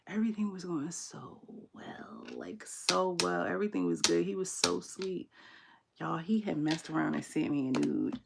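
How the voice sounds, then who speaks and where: A young woman hosts a casual tarot livestream, candidly telling her viewers stories in an animated way, full of slang and laughter. Her voice is low and creaky, with a noisy background.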